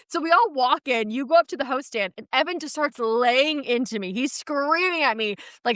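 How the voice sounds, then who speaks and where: A woman's voice: sits high, animated, fairly quick, hardly any pauses, bright, forceful tone, no echo, clean studio sound. A woman co-hosting a podcast, chatting casually and telling stories with lots of swearing and acted-out voices. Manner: swearing, acts out voices in her story. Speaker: podcast co-host. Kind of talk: casual chat, animated storytelling.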